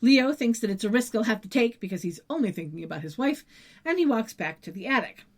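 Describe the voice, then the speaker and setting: A woman co-hosting a podcast, with a voice pitched a little high. She walks through the plot in a casual recap style, adding wry asides, laughs and the odd curse. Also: lively intonation, a little fast. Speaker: podcast co-host.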